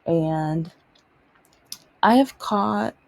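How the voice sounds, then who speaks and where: Casting: woman vlogger, dark mellow tone with gravel, lively storytelling. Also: mid-range voice, very slow, no room sound. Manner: animated, exasperated retelling with mocking quoted voices. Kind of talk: casual storytelling vlog.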